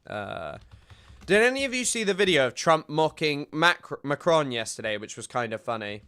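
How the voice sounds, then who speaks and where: A man's voice: fairly high pitch, big pitch swings, moderate pace, bright, forceful tone, clean tone. A man casually commenting on news clips as a streamer, chatty and loose with many fillers.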